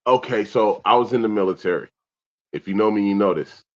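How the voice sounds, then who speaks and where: Profane, animated man on a lo-fi mic. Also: fairly low pitch, fairly quick. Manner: animated, profane, reads out viewer comments. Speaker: podcast co-host. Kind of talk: casual chat. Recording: dull lo-fi sound.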